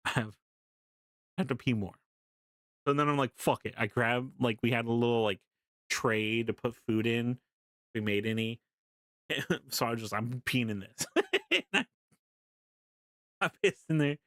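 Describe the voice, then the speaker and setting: A young man casually telling a story to his live stream chat, animated, laughing often and swearing freely. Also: medium pitch, a little slow, long pauses, dry recording, studio quality.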